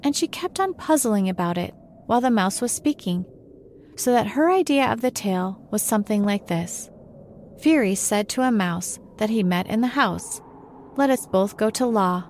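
A woman reading a classic storybook aloud in an even, measured way. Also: mid-range voice, slight background noise.

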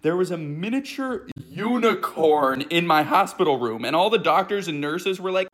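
A man tells a story from his childhood in a dramatic, animated way. His voice sits high for a man, and his pitch swings widely as he speaks. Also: fairly quick, hardly any pauses. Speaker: vlogger. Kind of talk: storytime vlog.

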